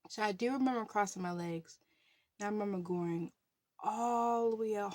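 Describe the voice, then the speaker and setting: A woman's voice: mid-range voice, moderate pace, darkish tone, no room sound. A woman telling a story in a casual vlog, chatty, with many fillers and frequent laughs. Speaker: budgeting channel host.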